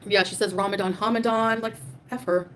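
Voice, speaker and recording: A woman's voice: mid-range voice, fairly even intonation, brisk, a bit bright, slight background noise. A young adult woman hosting a livestream, ranting defiantly and profanely at her chat, with many fillers. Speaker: livestream host. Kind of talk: livestream rant reading super chats.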